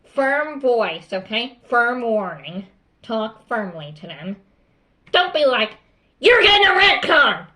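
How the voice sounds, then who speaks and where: Woman as a calm, strict principal. Bright and crisp, lecturing staff. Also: on the high side, slow. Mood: firm. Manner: instructive, firm, repeats "okay?". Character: strict but calm adult female school principal.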